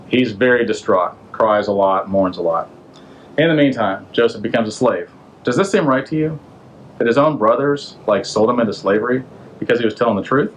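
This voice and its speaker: A podcast host casually retelling a Bible story in a loose, slangy, conversational way, stopping to ask the listener questions. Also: male voice, medium pitch, a little fast, slight background noise, poor audio.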